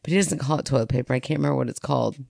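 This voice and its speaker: A woman's voice: extremely low pitch, rapid-fire, gravelly, a little mellow, no echo, clean studio sound. A woman co-hosting a podcast in casual chat, rambling through stories and laughing often. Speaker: podcast co-host.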